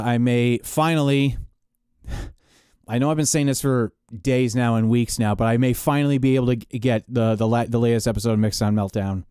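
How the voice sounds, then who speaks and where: A man talks loosely to his viewers between mixing steps, drifting from one update to the next with plenty of fillers and false starts. His voice sits mid-pitched, mellow and smooth. The sound is dry and close, with no room around it. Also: dry recording. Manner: rambling, chatty, many fillers and restarts. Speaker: live sound engineer and streamer. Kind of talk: casual chat to viewers while mixing.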